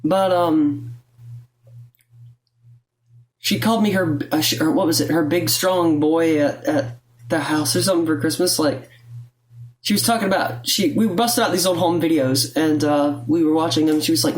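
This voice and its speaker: A woman's voice: low-pitched, fairly even intonation, moderate pace. A young adult woman, vlogging at home in a blunt, profane, rambling way, her throat rattly with phlegm. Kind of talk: casual confessional talk to camera. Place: at home, indoors.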